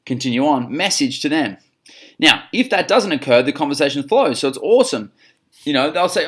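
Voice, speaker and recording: A man's voice: a little high, animated, fairly quick, slightly rough. An Australian man coaching gym staff on phone sales, upbeat, acting out both sides of the calls. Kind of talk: instructional talk on phone sales.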